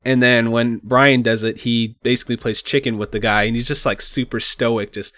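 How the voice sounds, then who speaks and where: A man's voice: mid-range voice, fairly quick, no echo, studio quality. A man co-hosting a podcast, chatting casually and rambling about a film with lots of "like.". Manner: relaxed, rambling, says "like" often. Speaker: podcast co-host. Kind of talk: casual movie discussion.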